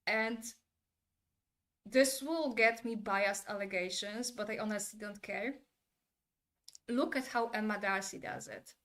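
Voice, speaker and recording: A woman giving her candid opinions in a casual monologue, turning animated when she imitates actors' delivery. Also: medium pitch. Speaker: commentator.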